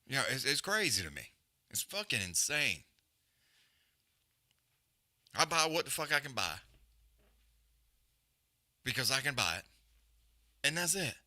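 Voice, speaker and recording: A blunt man rants on a live stream, swearing constantly and hammering his points home through repetition. His voice is very bright and cutting, at a middle pitch. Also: very animated, normal speed, pauses often. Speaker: podcast host. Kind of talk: profane rant on a live stream.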